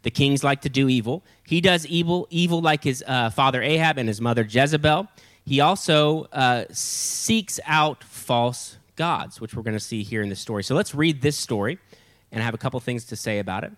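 A man preaching a sermon as pastor, reading scripture aloud in a lively way and acting out the characters' lines. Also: mid-range voice, normal speed.

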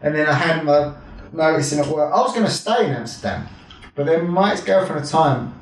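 Southeast english bloke from kent spinning swear-heavy stories, bit high-ish voice, loud echoey room. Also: male voice, brisk, recorded from a distance. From Kent, England. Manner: swearing, laughing, animated anecdotes with acted-out quotes. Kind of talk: casual chat, storytelling. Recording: echoey room, faint noise.

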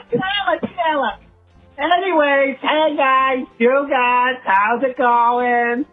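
A man putting on a shrill, excitable pig-walking caller on a voicemail. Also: very slow, soft background music, exaggerated voice. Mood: excited. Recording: tinny phone voicemail.

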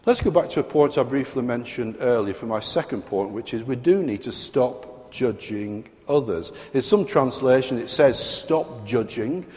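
A British man preaching a sermon in a large church hall, his voice trailing off into a long reverb. He speaks at a middle pitch and leans on his key words, turning to the congregation with questions. The tone is emphatic and direct. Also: lively intonation, normal speed, hardly any pauses, a little mellow.

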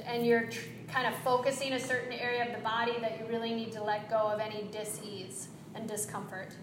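A woman teaching yoga breathing, giving gentle, encouraging cues with quick asides. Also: a little high, little pitch movement, echoey room, over music, low-quality recording. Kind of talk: guided breathing instruction.

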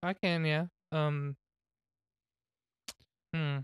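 A man with a smooth, fairly high voice chatting on a podcast, recorded dry and close. He keeps his replies short and laid back, with flat asides. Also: very slow, no room sound. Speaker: podcast co-host. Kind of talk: casual chat.

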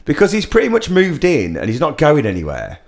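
A man's voice: a little high, huge pitch swings, a little fast, gravelly. A man co-hosting a podcast, riffing jokes and swearing in casual comedic chat. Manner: jokey, riffing, swears, puts on silly accents. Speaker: podcast co-host.

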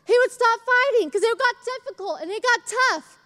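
A young woman preaching a sermon in a church, chatty and animated, acting out little stories as she goes. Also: extremely high pitch, normal speed.

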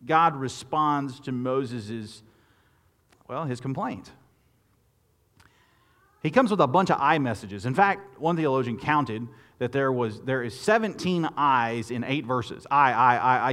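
A man preaching a sermon, lively and expressive, often repeating words and restarting phrases as he talks. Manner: expressive preaching, rising loud and high when quoting Moses. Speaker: pastor.

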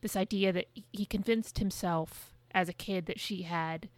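With a lowish voice, fairly even intonation and measured pacing, this podcast co-host keeps the conversation chatty and loose. She swears a lot and leans on hedging fillers, and the recording has no room sound.

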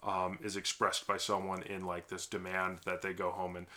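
A man with a lowish voice and a bright, forceful edge talks through marriage and therapy ideas on a podcast. He explains at length, circling back with fillers and restarts as he thinks aloud. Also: completely flat delivery, moderate pace. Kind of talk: casual conversational podcast.

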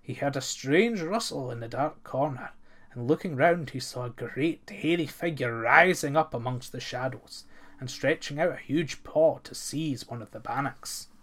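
Male storyteller for a fairy tale, expressive, bright tone. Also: mid-range voice, moderate pace. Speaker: narrator. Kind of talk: storybook folktale reading.

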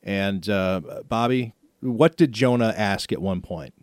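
A man's voice: fairly low pitch, unhurried, dry recording. A man hosting a radio talk show, telling a story in a chatty, playfully indignant way. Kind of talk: casual studio banter.

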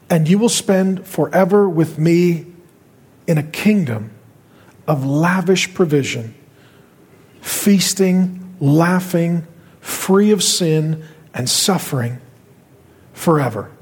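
A middle-aged male pastor preaching a sermon with impassioned, dramatic pauses, in a church auditorium. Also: on the high side, darkish tone, husky. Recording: reverberant large hall.

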